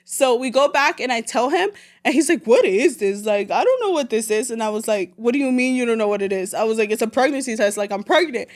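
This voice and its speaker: Fast and with few pauses, a fairly high-pitched woman in her late twenties from El Salvador tells a personal story on a podcast. It's casual, animated storytelling full of slang, with Spanish phrases dropped into her English.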